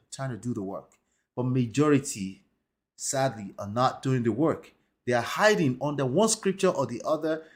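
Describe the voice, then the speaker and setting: A man hosting a commentary show, talking emphatically and tagging points with rhetorical questions. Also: on the high side. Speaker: host.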